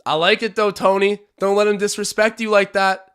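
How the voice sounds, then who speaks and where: A young man from Canada hosting a live basketball watch-along, calling plays and chatting with his viewers, animated and swinging from hype to groans. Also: sits high, brisk, clear, resonant tone. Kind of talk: excited live game commentary with chat.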